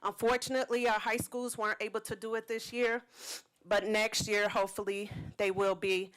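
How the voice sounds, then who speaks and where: With a medium-pitched, fairly bright, clean voice, flat delivery, and a moderate pace, a woman thanks the city council for supporting her community event. As the organizer speaking at public comment, she is earnest, heartfelt, and close to tears, slightly tearful in this emotional speech. The audio is low quality.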